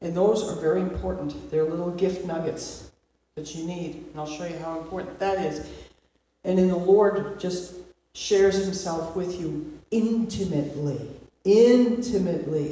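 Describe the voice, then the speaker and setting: A woman's voice: fairly low pitch, measured pace, warm tone. A woman leading an informal Bible study, talking conversationally and checking in with her listeners with a frequent "okay?". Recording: very echoey room, voice far from mic.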